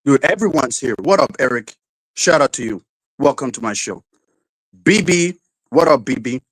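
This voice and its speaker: A man's voice: medium pitch, expressive, moderate pace, fairly bright tone, no room sound, poor audio. A man hosting his livestream in casual chat, irritated, swearing constantly and ranting in restarts. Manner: swears constantly, rants and restarts, raises voice when angry. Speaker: livestream host.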